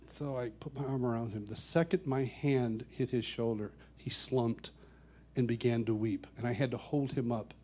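A man telling a personal story to an audience, animated, often laughing and repeating words as he goes. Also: moderate pace, husky. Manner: animated, laughs often, gets louder and higher as the story builds. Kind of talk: storytelling talk.

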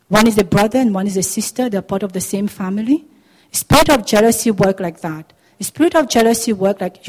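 A woman preaching a sermon, getting animated and loud with emphatic exclamations and acting out the people in her stories. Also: mid-range voice. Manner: acts out quoted voices in her preaching. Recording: long hall reverb.

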